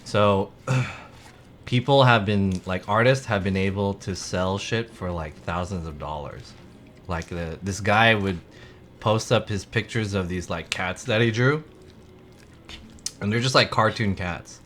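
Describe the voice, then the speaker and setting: Low-voiced rambling male streamer. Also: unhurried, fairly bright tone. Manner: rambling, heavy on "like" fillers. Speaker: live streamer. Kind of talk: casual chat with viewers.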